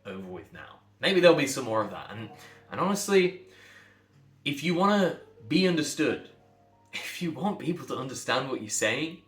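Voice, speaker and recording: A pronunciation coach addresses the camera in a medium-pitched, fairly bright voice with big pitch swings and a moderate pace. Faint music plays in the echoey room as he bluntly, emphatically repeats phrases to make his points stick.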